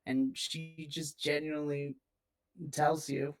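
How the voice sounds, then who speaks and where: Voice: mid-range voice, a little slow. A game master narrating a tabletop role-play scene in a loose, descriptive way, full of "kinda.".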